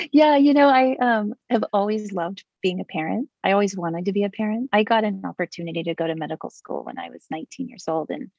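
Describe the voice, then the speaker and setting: A woman's voice: medium pitch, fast talker, few pauses, darkish tone, dry recording, lo-fi sound. A middle-aged woman being interviewed, talking candidly and joking, with plenty of fillers and laughs. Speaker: interview guest. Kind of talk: casual conversation.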